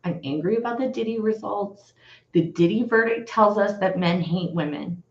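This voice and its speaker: Speaking at normal speed with a medium-pitched voice, this Texan livestream host addresses viewers as y'all. She's fired-up and blunt, swearing freely, while the echoey room makes the audio slightly dull.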